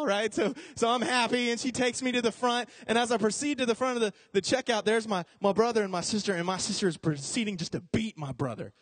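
Casting: young male preacher, high voice, close dry sound, playful storyteller who slips into comic voices. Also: fast talker, hardly any pauses, dry recording. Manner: animated, jokey, acts out voices in quotes. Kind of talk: casual storytelling sermon.

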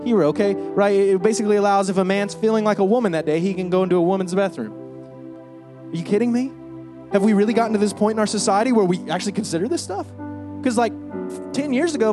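A man's voice: very high voice, fast, over music. A man preaching a sermon in a church, emphatic and conversational, with frequent rhetorical questions. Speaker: pastor.

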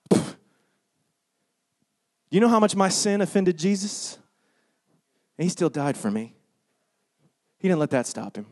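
A man preaching a sermon in a punchy, sarcastic way, swinging between loud bursts and hushed lines. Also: high voice, very animated, unhurried, pauses often.

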